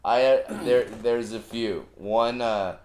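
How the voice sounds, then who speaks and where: A male comedian guest on a casual podcast, telling family stories with lively, animated delivery. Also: on the low side, slow pace. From Southern California. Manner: animated storyteller, acting out family anecdotes.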